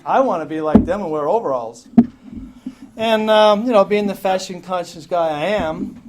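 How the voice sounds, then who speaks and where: A man's voice: high voice, moderate pace, noisy background. A man telling his story at a recovery meeting in a rambling, joking, profane way. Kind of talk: casual storytelling talk. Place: meeting room with a crowd. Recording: live meeting talk with audience laughter.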